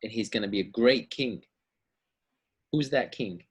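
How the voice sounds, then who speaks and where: A man's voice: on the low side, measured pace, breathy edge. A man teaching a Bible lesson to children, asking them questions and acting out the story's voices. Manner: acts out story voices, asks kids questions.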